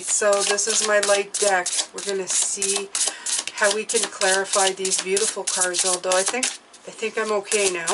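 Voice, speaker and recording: A woman giving a tarot reading to her viewers, speaking gently and reassuringly and often checking in with "okay?". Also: medium pitch, background noise. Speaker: tarot reader.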